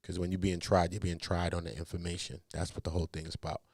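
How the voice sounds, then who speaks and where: Speaking fast with a Los Angeles accent, this man offers animated, casual commentary, cracking jokes in thick street slang before dropping into a low, serious tone to explain. The studio sound is clean, with no echo.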